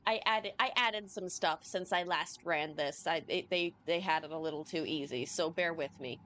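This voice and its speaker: A woman running a tabletop game as game master, narrating in a halting way with many ums and restarts. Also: deep voice, a bit bright.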